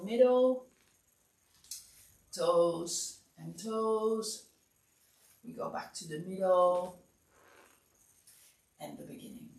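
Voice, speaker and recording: A woman teaching a massage class, giving calm step-by-step instructions in a relaxed, drowsy way. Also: medium pitch. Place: warm room. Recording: echoey room, distant mic.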